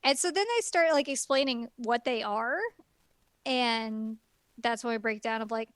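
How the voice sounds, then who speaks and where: High-voiced woman retelling a story. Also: unhurried, fairly bright tone, no room sound. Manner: rambling plot retelling with many fillers. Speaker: guest reviewer. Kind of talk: casual podcast chat.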